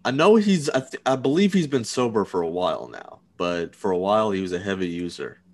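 A man's voice: lowish voice, very animated, a little fast, darkish tone. A man co-hosting a podcast in casual chat, laid-back and agreeable. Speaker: podcast co-host.

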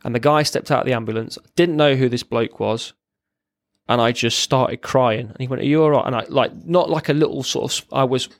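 Brief: man, ex-forces guest, gravelly voice, candid halting storytelling, close dry recording. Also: medium pitch, dry recording. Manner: halting, plain-spoken, frequent restarts. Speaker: podcast guest, former serviceman.

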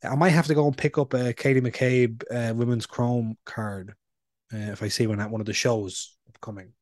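A man co-hosting a casual podcast, telling stories with frequent filler pauses. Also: medium pitch, steady tone, darkish tone, no room sound, clean studio sound. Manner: chatty, storytelling with filler pauses. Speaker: podcast co-host. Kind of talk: casual chat.

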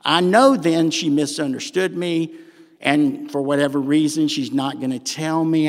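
An older man with a Southern accent preaching a sermon in a church, folksy and animated with humorous asides. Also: a little high, moderate pace, gravelly. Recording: long hall reverb.

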